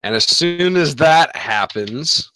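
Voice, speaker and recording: A man's voice: on the high side, expressive, slow, bright, forceful tone. A young man narrating a tabletop game as game master, describing scenes in a rambling way with restarts.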